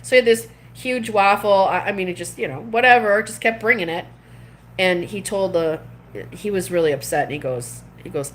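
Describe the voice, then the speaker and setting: In casual chat with her viewers, a middle-aged woman streamer rambles through a story with many restarts, laughing between phrases. Her mid-range voice has lively intonation at a moderate pace, with slight background noise.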